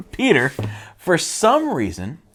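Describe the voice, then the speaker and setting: Animated male church teacher. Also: a little high, drawn-out words, noisy background. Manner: animated, asks rhetorical questions, acts out quotes. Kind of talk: casual Bible teaching sermon.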